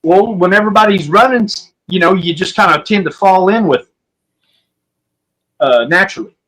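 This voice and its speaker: A man's voice: high voice, normal speed, fairly bright tone, rough recording. A man with an Oklahoman accent, telling a story as a podcast guest in a rambling, folksy way. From Southwest Oklahoma. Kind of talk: casual storytelling.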